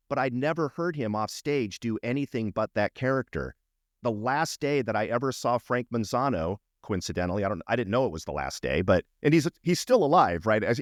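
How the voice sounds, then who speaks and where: A man's voice: medium pitch, no echo, studio quality. A man hosting a podcast, reacting eagerly and chatting about comedy club days. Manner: excitable, quick to react and laugh. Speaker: podcast host. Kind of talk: casual chat. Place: podcast studio.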